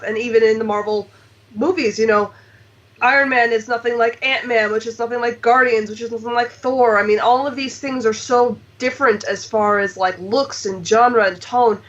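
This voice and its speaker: A woman's voice: a little high, fairly bright tone. Talkative woman on a distant, dull mic. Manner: fast, emphatic opinions with many fillers. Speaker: host. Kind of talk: casual panel chat.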